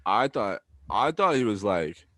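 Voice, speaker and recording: A man's voice: on the low side, a little slow, dry recording, clean studio sound. A young man hosting a podcast, telling stories in casual chat and swearing freely. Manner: animated storytelling, swears freely. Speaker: podcast host.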